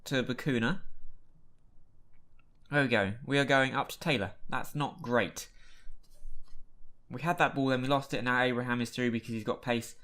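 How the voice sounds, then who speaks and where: A man casually commentating his own football management game, chatty and given to exasperated outbursts at what happens. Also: medium pitch. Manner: chatty, reacts loudly to match events with exasperated outbursts. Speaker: gaming YouTuber. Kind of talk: casual Let's Play commentary.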